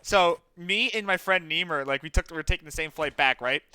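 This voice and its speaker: A young man from New Jersey chats while streaming a game, his voice high and bright. He tells animated stories and swears freely. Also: fairly quick, smooth, no room sound. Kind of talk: casual chat while gaming.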